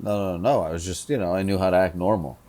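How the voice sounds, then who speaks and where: A man co-hosting a podcast, trading teasing, deadpan jabs in casual comedic chat. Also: deep voice, fast talker. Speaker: podcast co-host.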